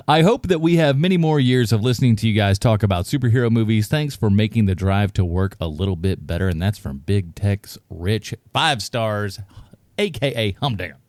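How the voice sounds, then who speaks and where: A man's voice: medium pitch, a little mellow, no echo, studio quality. A man hosting a podcast, chatting casually and poking fun at himself. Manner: chatty, self-mocking. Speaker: podcast host.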